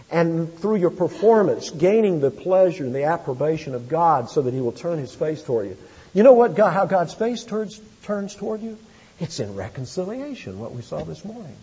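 Animated male preacher in a reverberant hall. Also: fairly high pitch, husky. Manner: animated preaching, rising emphasis and quick asides. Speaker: pastor. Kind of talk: sermon. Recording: dull, lo-fi sound with long hall reverb.

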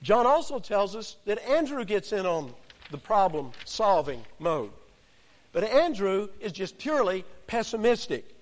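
A man preaching an expository sermon in an animated, conversational way, with joking asides. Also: sits high, unhurried, long reverb tail.

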